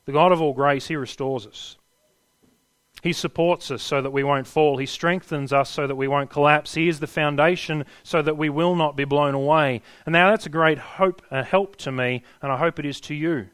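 A man preaching a sermon earnestly, building to emphatic peaks and dropping to hushed endings. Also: fairly high pitch, moderate pace, no echo.

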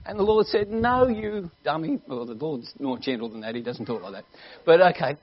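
A man preaching a lively storytelling sermon to a congregation, joking and teasing his listeners as he goes. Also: mid-range voice, brisk, slightly rough. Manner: animated, joking, teasing the audience. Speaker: evangelist preacher. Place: church hall before a congregation. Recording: dull lo-fi live sermon recording.

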